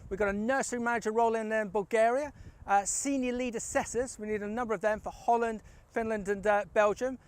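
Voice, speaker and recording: A man's voice: high voice, fairly even intonation, a little fast, clean tone. A man hosting a casual video blog, chatty and enthusiastic. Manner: chatty, enthusiastic, frequent "fantastic". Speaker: recruitment firm host.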